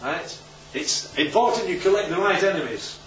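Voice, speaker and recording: A man's voice: high-pitched, animated, normal speed, a bit bright, soft background music. A male preacher giving an informal Bible talk, conversational and often checking in with his listeners. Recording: roomy, distant, dull recording.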